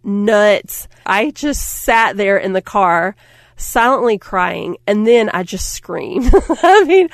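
A middle-aged woman giving a motivational talk, telling stories in an animated way, acting out quotes and laughing often. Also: mid-range voice, slow pace, no room sound, clean studio sound. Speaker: speaker.

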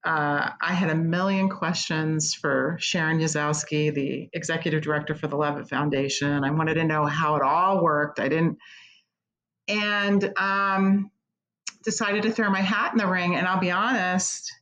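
A middle-aged Midwestern American woman, executive director of a concert pavilion, is an interview guest speaking candidly and earnestly about her work, at times tearfully, in an emotional conversation. Her low-pitched voice is a bit bright with fairly even intonation and an unhurried pace. The sound is lo-fi.

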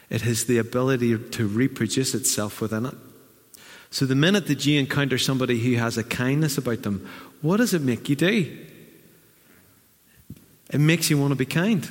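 A middle-aged man preaching from the pulpit, mid-pitched and earnest. He slips into lively acted asides as he speaks. His voice rings out with a long reverb in a church hall. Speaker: pastor. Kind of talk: sermon.

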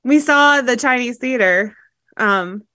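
A woman's voice: fairly high pitch, slow pace, pushed and bright, no room sound. A woman co-hosting a podcast in casual chat, rambling with lots of fillers and laughs. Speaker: podcast co-host.

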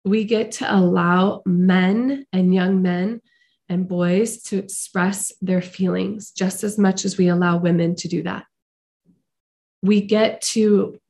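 A middle-aged woman hosting a podcast, speaking slowly and earnestly in a heartfelt, reflective motivational monologue. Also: medium pitch, vocal fry, darkish tone. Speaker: podcast host.

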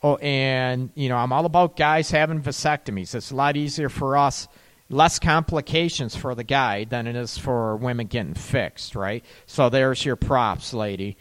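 A man's voice: mid-range voice, normal speed, clean tone. A middle-aged man giving casual, rambling relationship and sex advice, now and then acting out worried voices.

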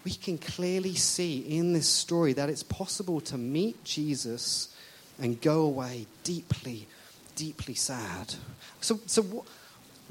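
A preacher giving a sermon to a church congregation, talking conversationally and asking them questions, and acting out quoted speakers with big swings in pitch and loudness. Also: slight background noise. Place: church service.

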